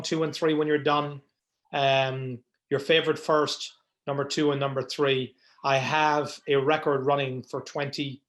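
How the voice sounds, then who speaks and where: A man's voice: mid-range voice, a bit bright, rough recording. A man from County Mayo with an Irish Mayo accent, hosting a whiskey tasting in a pub and chatting to the group with loose storytelling asides. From Ireland (County Mayo). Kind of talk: casual hosted tasting talk. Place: pub, live tasting event.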